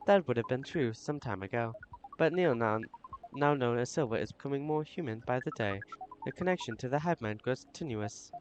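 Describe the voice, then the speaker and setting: A man's voice: medium pitch, lively intonation, fairly quick, lightly acted. A man voicing a formal, literal-minded alien woman of a hive mind in a visual novel, speaking of herself as "we" with stiff precision. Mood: earnest. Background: game music.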